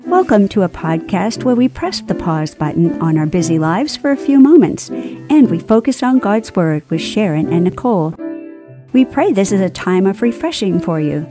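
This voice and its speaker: Woman announcer, smooth and expressive, reads show intro over a music bed. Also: medium pitch, moderate pace. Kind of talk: scripted podcast intro.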